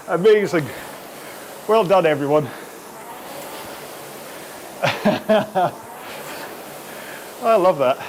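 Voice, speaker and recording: A man's voice: high-pitched, animated, extremely slow, long pauses, a little hiss or hum. A man hosting a live rowing workout, chatty and out of breath between sprints, on a throat-worn microphone in his home studio. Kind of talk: live follow-along workout chat.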